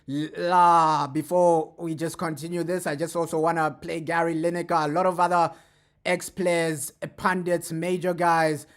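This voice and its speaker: A man giving casual fan commentary as a streamer reacting to clips, talking in a chatty way and tagging his sentences with quick asides. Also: a little high, little pitch movement. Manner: chatty, keeps adding "bro" and "right?".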